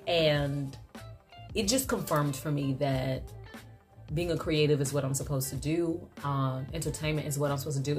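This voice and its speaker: A young adult woman chatting candidly to the camera in a casual vlog, slangy and open, sometimes close to tears. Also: deep voice. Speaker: vlogger.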